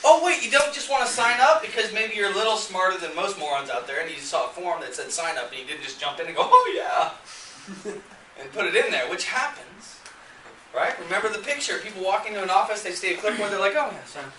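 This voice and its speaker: A man's voice: high voice, quick pace, sharp tone, slight background noise. A man presenting a sales seminar who gets fired up and keeps quizzing his live audience. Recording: echoey room, mic at a distance.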